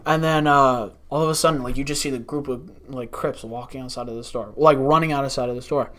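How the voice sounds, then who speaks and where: A man's voice: mid-range voice, a little fast. A young man, a podcast guest telling wild work stories in casual chat, swearing often and acting out what people said. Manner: animated, swears a lot, acts out quotes. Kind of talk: casual storytelling.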